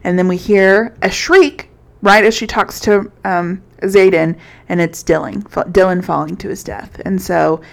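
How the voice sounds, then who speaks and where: A woman's voice: medium pitch, steady tone, unhurried, creaky. A woman co-hosting a podcast, telling a book recap in a casual, rambling way with plenty of swearing and filler words. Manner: profane, rambling storyteller with many fillers. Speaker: podcast co-host.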